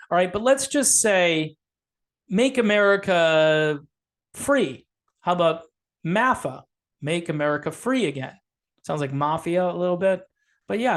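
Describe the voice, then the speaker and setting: A man talking straight to his viewers in a loose commentary video, sarcastic and rambling as he goes. His voice sits high for a man. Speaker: political commentator. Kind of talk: casual political commentary.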